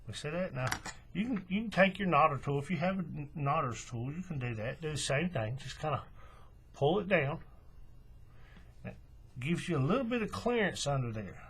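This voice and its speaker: A man explaining a craft step by step in a relaxed, folksy way. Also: a little high, normal speed, husky. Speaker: craft tutorial host. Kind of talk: hands-on tutorial walkthrough.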